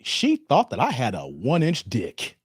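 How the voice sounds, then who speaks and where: A man's voice: medium pitch, huge pitch swings, measured pace, slightly rough. A man hosting a dating commentary channel, telling a personal story in a frank, confiding way and speaking straight to viewers. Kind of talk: casual monologue storytelling.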